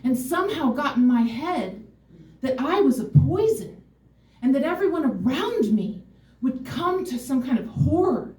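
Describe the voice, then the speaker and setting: A woman's voice: sits high, big pitch swings, a little slow, darkish tone. A woman telling a personal story on stage, candid, wry and emotionally open. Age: adult, mother of a son. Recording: roomy hall, mic far off.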